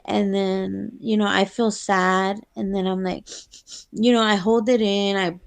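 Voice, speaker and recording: Latina podcast co-host, slow and kinda gravelly, swears a lot, drops in. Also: female voice, medium pitch, flat delivery. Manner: candid, profane, switches into Spanish. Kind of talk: casual chat.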